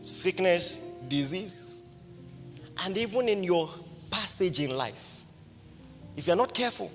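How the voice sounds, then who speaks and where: A man's voice: high voice, slow pace, long pauses. A man with a Nigerian accent preaching, telling a personal story with many rhetorical questions to the congregation. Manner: lively anecdotal preaching, frequent rhetorical questions. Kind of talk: storytelling sermon. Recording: reverberant hall with faint music.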